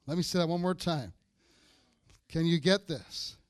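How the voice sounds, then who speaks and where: High bright-voiced male pastor preaching, reads verses with big emphatic swells, dry close sound. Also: a little slow, no room sound. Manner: reads scripture aloud with rising emphatic bursts. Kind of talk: sermon.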